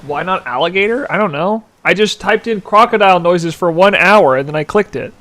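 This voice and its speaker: A man's voice: high voice, animated, a little fast, pushed and bright. A man in his twenties streaming a game live, chatting casually, giggling and answering chat aloud. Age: 20s. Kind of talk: casual gameplay commentary.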